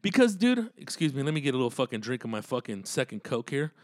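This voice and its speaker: A man's voice: medium pitch, big pitch swings, fast, dry recording, studio quality. A man telling road stories in a casual, profane, rambling monologue and laughing often.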